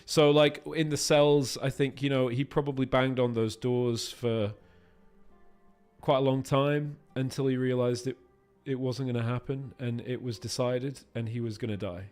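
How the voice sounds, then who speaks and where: A man's voice: medium pitch, steady tone, moderate pace, a little mellow, soft background music. A man, a voice actor, chatting casually with his stream viewers while playing a game, swearing freely as he answers their questions.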